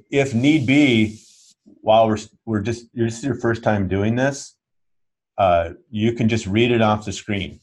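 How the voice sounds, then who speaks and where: A man teaching a yoga class, patiently explaining each step and often checking that everyone follows. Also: fairly low pitch. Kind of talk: instructional class talk.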